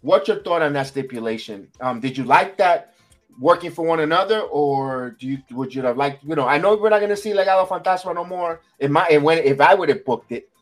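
A man hosting a wrestling recap podcast in casual chat, animated and repeating himself for emphasis. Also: on the high side, a little fast, faint music behind. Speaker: podcast host.

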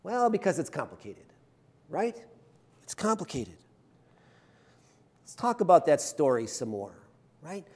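A man's voice: a little high, very animated, a little slow, long pauses, husky. A male pastor preaching a conversational sermon, chatty and self-deprecating, often checking in with the congregation. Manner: chatty, self-deprecating humor, frequent "right?" tags.

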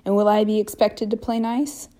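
A woman's voice: mid-range voice, level tone, moderate pace, mellow, voice pushed up, close to an everyday voice. A woman reading as an anxious young witch. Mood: tense. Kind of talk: amateur fanfiction reading.

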